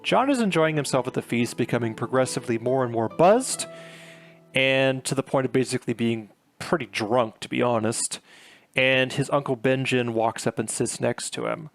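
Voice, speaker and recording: Gravelly-voiced male book reviewer, chatty and loose, with soft guitar bed. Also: medium pitch, normal speed. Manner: chatty, filler-heavy retelling with paraphrased quotes. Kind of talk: casual book recap.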